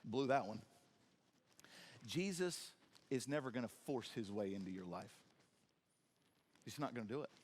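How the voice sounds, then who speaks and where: A man preaching a sermon in a church, animated and acting out scenes in different voices with jokes for the congregation. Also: medium pitch, measured pace, long pauses. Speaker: pastor. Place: church sanctuary.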